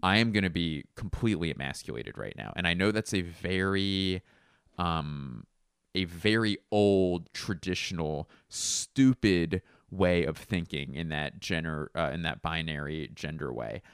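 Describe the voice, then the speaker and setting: A man's voice: low voice, a little slow, smooth, no room sound, studio quality. A young man hosting a podcast, telling a long, profane, rambling story and mimicking the people in it. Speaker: podcast host. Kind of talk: casual storytelling monologue.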